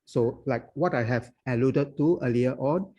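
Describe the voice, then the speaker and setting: A man's voice: mid-range voice, unhurried, dark tone, breathy edge. A man tutoring students for an oral exam over a video call, explaining things at length and often adding "you know". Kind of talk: online lecture to students.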